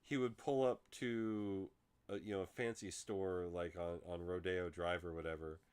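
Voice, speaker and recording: A man hosting a casual chat, telling stories in an animated way and swearing freely. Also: low voice, moderate pace, clear, resonant tone. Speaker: podcast host.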